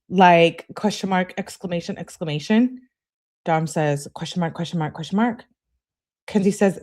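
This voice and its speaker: A woman's voice: on the low side, darkish tone. A young woman hosting a livestream, reading text messages aloud and breaking in with blunt, slangy asides. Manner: blunt slangy asides, reads texts slowly and deliberately. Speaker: livestream host.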